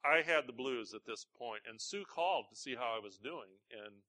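A man, a pastor, preaching a conversational sermon, telling a personal story with self-deprecating humor and halting restarts. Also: mid-range voice, animated, sharp tone.

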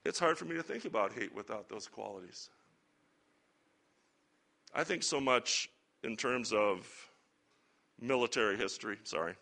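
A man teaching a Bible lesson to a church group in a relaxed, conversational sermon style with chatty asides. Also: medium pitch, measured pace, vocal fry, pauses often. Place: church or lecture hall with slides.

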